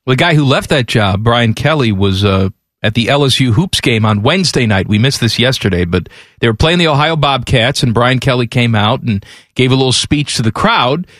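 A man's voice: medium pitch, expressive, normal speed, fairly bright tone, no echo, studio quality. A man co-hosting a sports radio talk show, bantering and teasing his partner. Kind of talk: casual sports talk and read ad.

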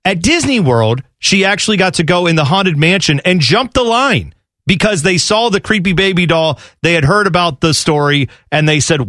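Wry, lively man hosting radio sports talk. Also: high voice, moderate pace, no room sound, studio quality. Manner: wry, joking storyteller. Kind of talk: casual radio banter. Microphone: studio microphone.

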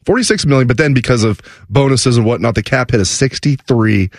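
A man's voice: medium pitch, brisk, no echo, clean studio sound. A man filling in as co-host on a sports radio show, talking through his views in a conversational way, thinking aloud with restarts and asides. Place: radio studio.

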